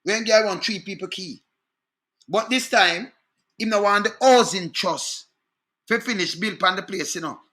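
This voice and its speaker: A man's voice: sits high, normal speed, bright, forceful tone. A Jamaican man giving an indignant political rant, often stopping to ask "Eh?". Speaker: online commentator.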